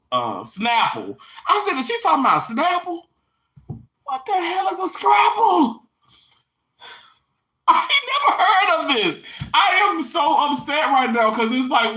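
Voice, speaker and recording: Animated Mississippi-accented woman. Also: medium pitch, rough recording. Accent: Southern US, Mississippi. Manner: animated, exclamatory, talks straight to viewers. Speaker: livestream host chatting with viewers. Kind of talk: casual live chat.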